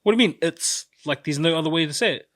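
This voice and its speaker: A New Zealand man trading teasing banter on a casual podcast. His voice sits a little higher than most men's. The sound is close and dry. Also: quick pace, fairly bright tone, no echo. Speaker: podcast co-host. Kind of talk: casual chat.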